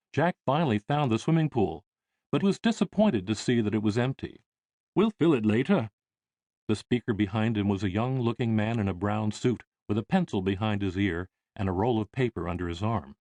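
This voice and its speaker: A man reading an audiobook in measured, expressive scripted narration. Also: on the low side, no echo.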